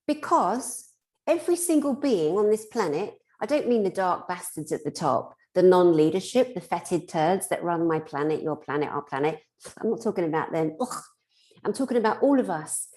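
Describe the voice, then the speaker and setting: A Scottish woman who works as a spiritual therapist gives a heartfelt motivational talk in a mellow, mid-range voice. She speaks bluntly and with passion, swearing mildly along the way.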